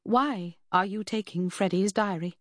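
A woman's voice: medium pitch, measured pace, dry recording, clean studio sound, pitched above the performer's own voice, close to an everyday voice. A woman doing a nervous, fretful young woman. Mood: anxious. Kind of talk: audiobook character reading.

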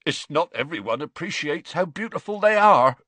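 A man voicing a huge, soft-hearted gamekeeper who speaks in rough rustic dialect, choked with grief and tears. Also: a little high, animated, normal speed, no room sound, voice pushed up.

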